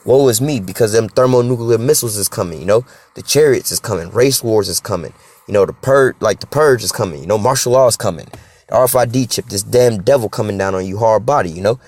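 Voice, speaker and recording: Low-voiced, emphatic, profane street preacher. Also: male voice, fast, darkish tone. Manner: emphatic, profane, fills with "all right?" and "you know?". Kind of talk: informal scripture sermon.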